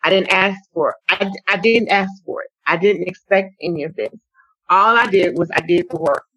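A woman guest on an interview show telling her own story in a lively, conversational way, often acting out what people said. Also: lowish voice, moderate pace, husky, no echo, rough recording. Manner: animated storyteller, acts out quotes. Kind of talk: conversational testimony.

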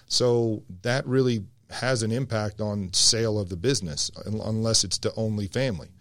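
A man with a fairly low voice explains business planning in a measured, steady way. The sound is dry and close to the mic. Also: dry recording. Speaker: financial advisor. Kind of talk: scripted radio segment.

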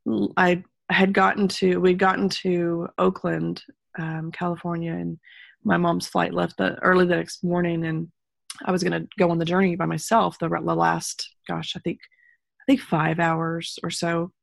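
Low, gravelly-voiced woman from Texas. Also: little pitch movement, normal speed, no echo, studio quality. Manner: rambling, many ums and restarts, laughs between thoughts; sincere and faith-focused. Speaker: guest telling her story. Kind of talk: casual conversational storytelling.

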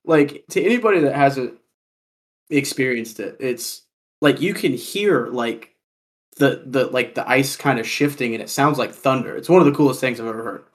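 Profane, animated man from Kansas. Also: mid-range voice, moderate pace. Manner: profane, animated storytelling with many "like" fillers. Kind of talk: casual storytelling chat.

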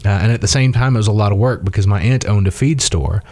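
A man with a low, mellow voice tells rambling stories in a casual chat, full of fillers and restarts. He grew up in Mississippi. The recording is dry and close. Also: fast talker, no echo. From Mississippi, USA. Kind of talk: casual conversation.

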